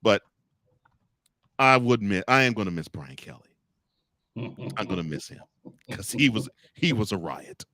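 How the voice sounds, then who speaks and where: A man co-hosting a sports talk show, ranting in a mocking, animated way straight at the people he talks about. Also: lowish voice, moderate pace, pauses often, no room sound, studio quality. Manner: animated, mocking rants addressed to coaches. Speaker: podcast co-host.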